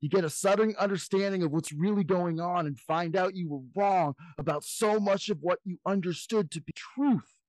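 A man co-hosting a podcast, reading definitions aloud and tossing in amused asides. His voice sits a little high, and the sound is dry and close. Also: brisk, few pauses, a little mellow, no room sound, poor audio. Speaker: podcast co-host. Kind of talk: casual podcast discussion.

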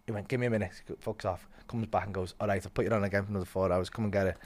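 A man's voice: lowish voice, steady tone, very fast. A young man telling a comic story as a podcast guest, swearing, laughing and acting out the other voices.

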